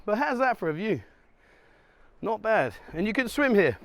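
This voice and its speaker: Chatty high-voiced man vlogging. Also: big pitch swings, normal speed, fairly bright tone, no echo. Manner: chatty, jokey, addresses viewers directly. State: out of breath. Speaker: travel vlogger. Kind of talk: casual walking vlog. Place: outdoors on a hillside island resort.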